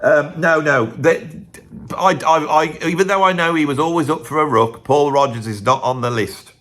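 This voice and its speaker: A man's voice: fairly high pitch, normal speed, fairly bright tone. A man hosting his own channel, giving a rambling, chatty opinion monologue full of tag questions. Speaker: host.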